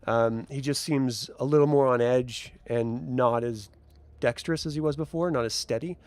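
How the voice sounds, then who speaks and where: A man's voice: medium pitch, moderate pace, darkish tone, dry recording. A man narrating a tabletop game as game master, describing scenes and laughing easily.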